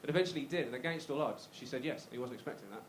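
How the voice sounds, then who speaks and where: A man's voice: mid-range voice, very fast, slight background noise. A man in his thirties from the Black Country in the West Midlands with a Black Country accent, doing a live stand-up routine in a comedy club. He is chatty and self-mocking and banters with the crowd. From Black Country, West Midlands, England. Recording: roomy live club sound.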